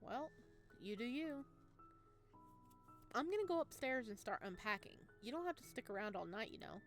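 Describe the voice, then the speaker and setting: Soft music plays behind a let's play streamer whose sing-song voice sits on the high side at normal speed. She playfully reads a visual novel's text and dialogue aloud, voicing every character.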